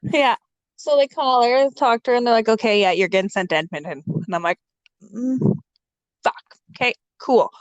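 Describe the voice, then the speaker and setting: A woman's voice: fairly high pitch, normal speed, no room sound, dull audio. A young woman guest on a casual podcast, telling her story frankly and with humor, swearing freely and acting out what people said. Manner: swears freely and acts out quoted dialogue; lively, frank and joking.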